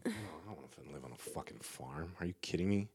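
A man's voice: low-pitched, wildly swooping pitch, quick pace, gravelly, a little mellow, husky. A man co-hosting a casual chat, joking and teasing with lots of profanity.

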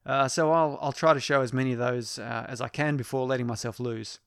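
A man tells a first-person story in a casual, wry, self-deprecating way. His voice sits at a middle pitch and the recording is dry and close. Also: fairly even intonation, fairly quick, no room sound. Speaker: podcast storyteller.

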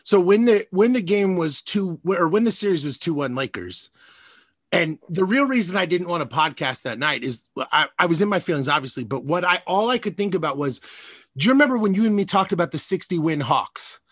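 A man hosting a podcast in casual, profane trash-talk chat, animated and self-mocking, laughing often. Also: high-pitched, fairly quick, no room sound. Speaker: podcast host.

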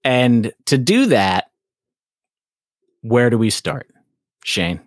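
A man's voice: medium pitch, very animated, extremely slow, no echo, clean studio sound. A man hosting a podcast in casual chat, rambling and joking, often laughing mid-sentence. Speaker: podcast host.

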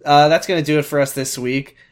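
A man's voice: on the high side, fairly even intonation, quick pace, clean tone. A man co-hosting a podcast in casual chat, blunt and playfully swearing. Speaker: podcast co-host.

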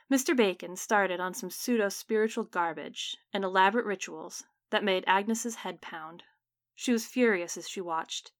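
A woman's voice: fairly low pitch, fairly bright tone, no room sound, clean studio sound. Woman narrating a gothic story. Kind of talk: audiobook narration.

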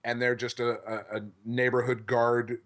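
A man's voice: mid-range voice, level tone, normal speed, a bit bright. A male podcast host in casual chat, rambling enthusiastically and swearing freely. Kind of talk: casual chat about comics.

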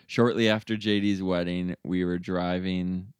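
A man in his thirties with a lowish voice, chatting casually. He tells a story with plenty of fillers and restarts. The sound is dry and close. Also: measured pace, smooth, dry recording. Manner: animated storyteller, acts out friends' voices in high pitch. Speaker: storyteller in a chat. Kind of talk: casual chat.

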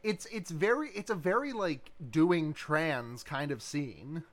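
A podcast guest talking casually about a film in a wry, halting way, often restarting words. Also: medium pitch, lively intonation, a bit bright.

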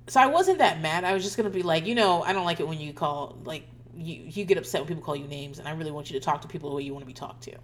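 A woman's voice: lowish voice, a little hiss or hum. A woman, a mother, casually telling family stories, laughing often, swearing, and acting out quoted voices. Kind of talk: casual storytelling monologue.

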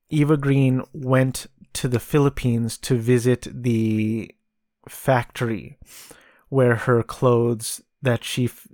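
A man's voice: mid-range voice, a little mellow, dry recording, studio quality. A man hosting a podcast, casually reviewing a film with frequent ums and restarts. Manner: hesitant, many ums and restarts. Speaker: podcast host.

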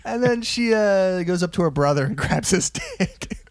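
Lively, joking podcast co-host man. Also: high-pitched, moderate pace, no echo. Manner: joking, crude, playful. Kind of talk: casual chat.

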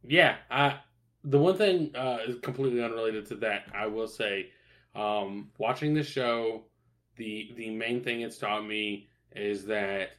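A man's voice: lowish voice, measured pace, a bit bright. A young man in casual podcast chat, laid-back and swearing often, with lots of fillers and restarts. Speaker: podcast co-host.

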